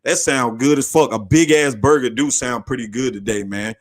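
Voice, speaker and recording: A man hosting his own podcast, talking in a casual, slangy, profane way that gets excitable and breaks into shouting. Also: medium pitch, moderate pace. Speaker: podcast host. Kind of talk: casual hyped sports talk.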